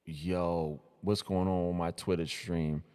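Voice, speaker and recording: A young man from New City, hosting a casual live stream and reacting to social media posts in hyped, slangy talk full of repeated greetings and shout-outs. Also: low-pitched, flat delivery, slow, clear, resonant tone, long reverb tail. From New York City.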